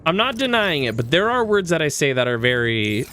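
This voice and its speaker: A man's voice: on the high side, sing-song, brisk, sharp tone, a little hiss or hum. A man from Western Canada chatting casually while streaming a game. He rambles, restarts his sentences and chuckles often. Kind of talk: casual gaming stream chat.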